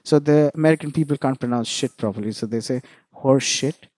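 A man's voice: medium pitch, fast, warm tone, dry recording, studio quality. A young man from India, a musician telling stories in a casual interview, laughing often and restarting phrases. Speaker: musician guest.

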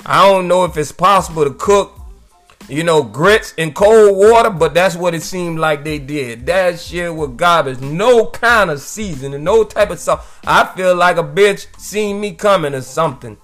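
A man's voice: fairly high pitch, expressive, moderate pace, a bit bright, soft background music. A man hosting his own weekly podcast, ranting casually with loose, profane jokes and frequent "you know what I'm saying.". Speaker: podcast host. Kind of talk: casual solo podcast rant.

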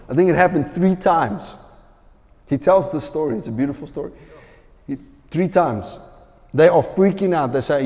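A man preaching a sermon, telling a story with lively, acted-out quoted voices. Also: a little high, moderate pace, long reverb tail.

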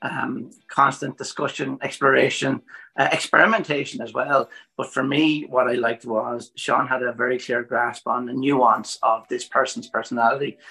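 A man, a director of photography, explaining his work at length in a thoughtful, measured way. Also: medium pitch, creaky, pushed and bright, rough recording. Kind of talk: podcast interview.

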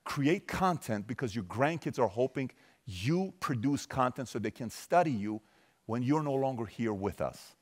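Energetic man in his forties addressing a crowd. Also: mid-range voice, normal speed. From Iran. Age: 40s. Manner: energetic, emphatic, questions the audience directly. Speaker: motivational speaker. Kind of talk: motivational talk to a live audience.

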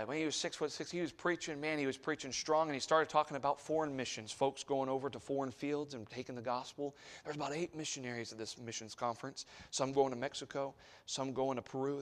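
A man's voice: medium pitch, brisk. Impassioned male missionary preacher. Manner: storytelling, swings from hushed asides to loud exhortation; call-and-response with the congregation. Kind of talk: sermon. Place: church sanctuary.

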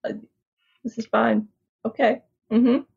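Female tabletop player, gravelly and husky, hesitant delivery, muffled lo-fi mic. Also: fairly high pitch, level tone, slow pace, a little mellow. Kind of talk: tabletop game chat. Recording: dull lo-fi mic.

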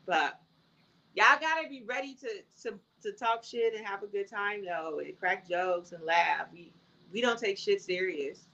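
A woman's voice: medium pitch, a little slow, bright, forceful tone, dull audio. A woman co-hosting a podcast in casual chat, blunt and joking, swearing freely. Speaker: podcast co-host.

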